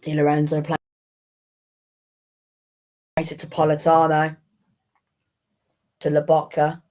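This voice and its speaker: A woman with a low, unhurried voice calls a football match live for a watchalong stream. She sounds exasperated, swears often and mutters to herself between plays. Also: monotone, darkish tone, rough recording. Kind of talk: live match reaction commentary.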